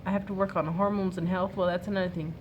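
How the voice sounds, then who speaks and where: A woman in her thirties giving an earnest, soft-spoken faith-based advice talk to other mothers. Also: fairly low pitch, steady tone, quick pace, highs cut off, a little hiss or hum. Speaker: mom sharing a workshop talk.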